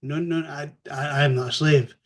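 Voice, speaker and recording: A man voicing an angry, proud male robot warlord who blusters and shouts denials. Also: a little high, steady tone, normal speed, close to an everyday voice. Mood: defiant.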